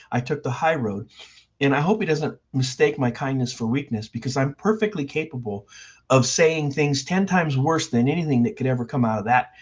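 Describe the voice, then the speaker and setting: A man's voice: medium pitch, slightly rough. An older man hosts a livestream and rants with heat, hammering the same points over and over. His voice sits in a middle register. The stream audio is dull and lo-fi. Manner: heated, repetitive, emphatic. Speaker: livestream host. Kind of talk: ranting livestream commentary.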